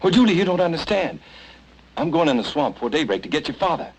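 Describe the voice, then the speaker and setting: A man's voice: on the high side, big pitch swings, quick pace, slightly rough, heavily acted, rough recording. An actor playing a determined young Southern man in a 1940s film, pressing hard with an insistent manner. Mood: pleading. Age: young adult. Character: determined young swamp-country man, stubborn.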